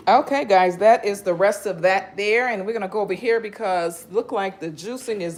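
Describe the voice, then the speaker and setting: A woman's voice: mid-range voice, moderate pace, hardly any pauses. A woman chatting casually with viewers on a live stream while she cuts fruit and juices in her kitchen, greeting people by name and laughing often. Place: home kitchen.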